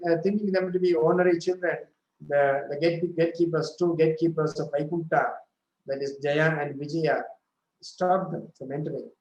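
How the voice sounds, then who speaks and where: A man giving a devotional scripture talk, retelling a story slowly with frequent self-corrections. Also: on the high side, roomy sound, rough recording. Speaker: scripture speaker.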